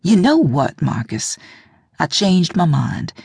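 A firm middle-aged mother urging someone on, voiced by a woman narrator. Her low, gravelly voice swings up and down with feeling. The sound is dry and close. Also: big pitch swings, slow pace, darkish tone, dry recording, heavily acted. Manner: firm, coaxing, insistent.

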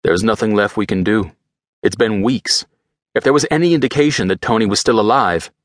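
A man playing a quiet, resolute officer. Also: lowish voice, brisk, no room sound, clean studio sound, close to an everyday voice. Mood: earnest. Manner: quiet, earnest. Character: loyal determined male military officer.

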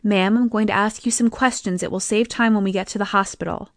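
A woman voicing a calm, reassuring male paramedic in an audiobook. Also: mid-range voice, a little fast, no echo, clean studio sound, lightly acted. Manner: steady, reassuring.

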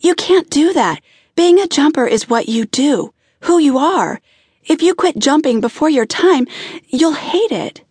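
A woman's voice: on the high side, moderate pace, a little mellow, husky, dry recording, clean studio sound. A woman narrator voicing Maggie, a young woman who is tearful and pleading with her lover. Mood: earnest. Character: grown woman Maggie, frantic then tender.

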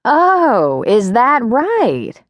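A woman's voice: fairly high pitch, wildly swooping pitch, drawn-out words, dry recording, clean studio sound, pitched above the performer's own voice, exaggerated voice. A woman voicing a snarky inner voice that sounds like a scolding mother, scoffing and taunting.

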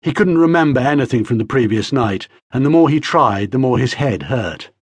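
A man reading an audiobook aloud in measured, vivid storytelling narration on a close studio mic. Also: mid-range voice, animated, slightly rough, no room sound. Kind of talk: scripted narration.

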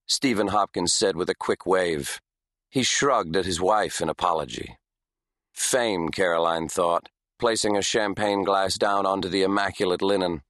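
A man narrating an audiobook thriller in an even, measured storytelling manner. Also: low voice, no room sound, studio quality. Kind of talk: scripted narration.

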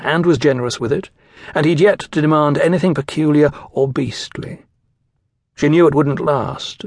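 A man narrating an audiobook in measured storytelling style. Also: mid-range voice, creaky, no echo, studio quality. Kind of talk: scripted narration.

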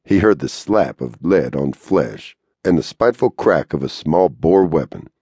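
Man, deep voice, dark, husky, dry close sound, steady western audiobook narration. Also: a little slow, dry recording.

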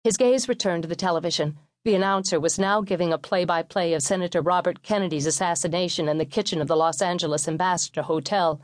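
A woman narrating a memoir audiobook in a measured, wry storytelling manner, recorded in a studio. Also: on the low side, dry recording.

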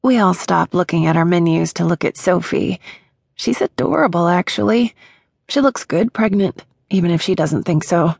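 A woman's voice: on the low side, moderate pace, creaky, darkish tone, breathy edge, no echo. A woman reading a contemporary romance audiobook in first person, with wry, dry humor, on a close studio mic. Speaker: audiobook narrator.

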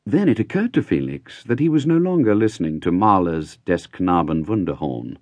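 A man reading a novel aloud as an audiobook narrator in a wry, measured storytelling manner. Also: low-pitched, very animated, darkish tone, no echo. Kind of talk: scripted narration.

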